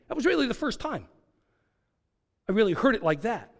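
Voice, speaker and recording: A man preaching a sermon, telling a personal story and repeating key phrases slowly for emphasis, swinging between quiet and loud. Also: high voice, sing-song.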